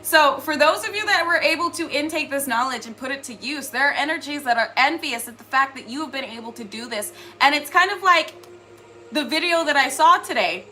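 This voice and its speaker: A woman with a high, bright, clear-toned voice talks straight to her viewers in a loose spiritual monologue. She is earnest and wanders as she talks, leaning on filler words. Faint noise sits under her voice. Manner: earnest, rambling, many "like" fillers. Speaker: spiritual reader.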